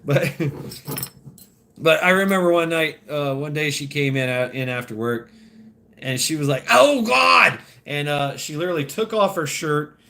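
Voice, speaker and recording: A man rambles through a crude, profane story in casual vlog style. His voice sits a little higher than most men's, and he keeps breaking into laughs between his restarts. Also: moderate pace, a bit bright. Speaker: vlogger.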